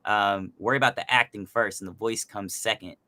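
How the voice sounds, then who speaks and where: This male voice actor, a podcast guest, speaks fairly quickly in a fairly low register. His casual chat about his craft is animated and packed with filler words as he explains.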